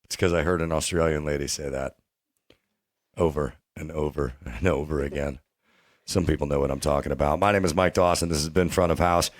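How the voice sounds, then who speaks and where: Deep-voiced laid-back podcast host. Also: male voice, steady tone, brisk. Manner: laid-back, friendly banter. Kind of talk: casual podcast outro.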